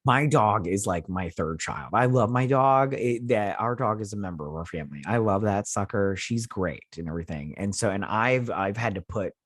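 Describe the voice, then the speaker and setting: A lowish-voiced man in his thirties chats his way through an episode recap, rambling and amused and often restarting his sentences. The sound is dry and close, with no room around it. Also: expressive, moderate pace, hardly any pauses, dry recording. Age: 30s. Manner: rambling, loose storytelling with many restarts; amused, chatty. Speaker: show recap host.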